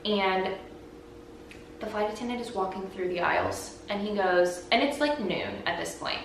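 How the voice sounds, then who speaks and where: A woman's voice: mid-range voice, moderate pace, gravelly. A young woman hosting her own vlog and podcast, telling a story casually and animatedly and saying "like" a lot. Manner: chatty, heavy use of "like", animated retelling. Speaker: vlogger and podcast host. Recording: very echoey room, voice from a distance, faint background noise.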